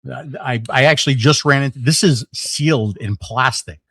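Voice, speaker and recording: A middle-aged man, a podcast guest, telling a story in casual conversation, animated, with lots of fillers and restarts. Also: mid-range voice, moderate pace, dry recording.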